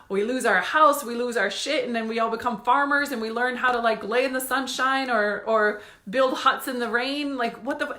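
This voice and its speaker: A woman's voice: sits high, a little fast, pushed and bright, roomy sound. A woman money coach giving a casual motivational talk on a live stream, swearing and laughing as she talks.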